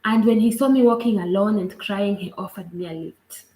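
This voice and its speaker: Kenyan woman telling her own story, earnest and kinda halting, mid pitch, echoey room. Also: warm tone. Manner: earnest, halting, frequent "like" asides. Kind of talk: personal storytelling. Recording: roomy echo.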